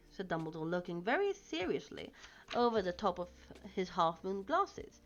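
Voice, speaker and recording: A woman reading a novel aloud in an expressive way, with small slips, on a dull lo-fi recording with faint music. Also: fairly high pitch, normal speed. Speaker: reader.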